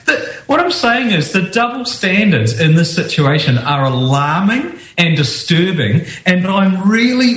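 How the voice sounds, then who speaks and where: A man's voice: sits high, very animated, a little slow, hardly any pauses, a bit bright, reverberant, poor audio. A man, a guest on a talk radio show, arguing insistently with many restarts. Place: office.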